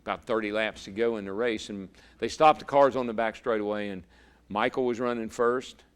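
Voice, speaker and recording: A man's voice: fairly low pitch, steady tone, brisk, clean tone. A man, a former racer turned broadcaster, telling a vivid story as an interview guest and often repeating words. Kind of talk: storytelling in a conversation.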